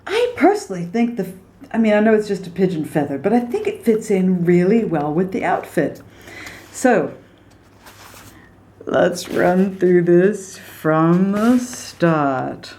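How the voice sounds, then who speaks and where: A woman's voice: lowish voice, animated, slow pace, mellow. An American woman teaching song lyrics with drawings, chatty and poking fun at her own slips. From United States. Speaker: singing and diction teacher.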